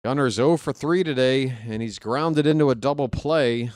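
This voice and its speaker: A man doing live play-by-play of a baseball game for viewers, chatty and joking with the chat between pitches. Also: normal speed, a little mellow, no echo, studio quality. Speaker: fan play-by-play announcer.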